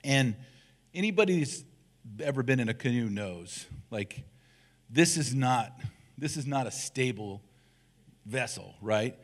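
A middle-aged man, a church elder, preaching a casual, humorous sermon full of animated asides and self-deprecating jokes. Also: medium pitch, a little slow, pauses often.

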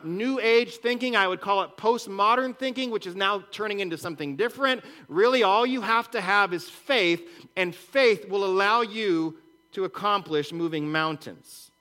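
A man's voice: high voice, bright, forceful tone. A man preaching a sermon in a conversational way, with rhetorical questions and repeated words. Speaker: pastor.

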